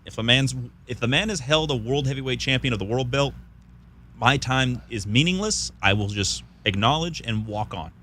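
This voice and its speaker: A man co-hosting a college radio talk show, answering his partner with earnest, measured replies. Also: medium pitch, lively intonation, bright, forceful tone, slight background noise. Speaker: radio co-host. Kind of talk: casual radio banter.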